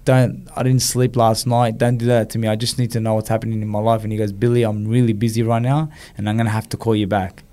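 A man's voice: on the low side, flat delivery, quick pace, hardly any pauses, dark tone. A man, telling a personal story in an interview and acting out the quoted dialogue. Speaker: guest, former boxer.

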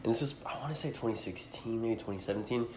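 A man's voice: mid-range voice, fast talker, slight background noise. A man in his twenties hosting a podcast, telling rambling, profane stories in casual chat and acting out the quotes. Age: 20s. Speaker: podcast host.

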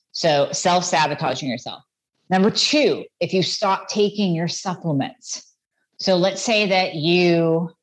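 A woman's voice: lowish voice, low-quality recording. A woman, a doctor hosting her own podcast, talking casually and animatedly while recording outdoors on her phone. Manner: chatty, animated, voices her listeners' inner thoughts. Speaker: podcast host and thyroid doctor.

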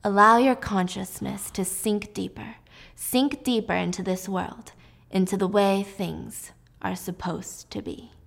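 A woman voicing a man's hypnotic radio voice, slow and hushed. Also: medium pitch, fairly even intonation, vocal fry. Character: hypnotic male radio voice, lulling.

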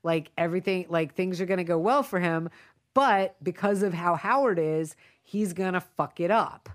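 A chatty woman with a slightly low voice, talking through a film scene by scene. She slips into quick quoted lines as she retells it, in a relaxed conversational way. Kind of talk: casual film discussion.

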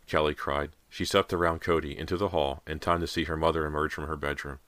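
A man reading a horror audiobook in a measured, suspenseful narration. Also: a bass voice, flat delivery, a bit bright, dry recording.

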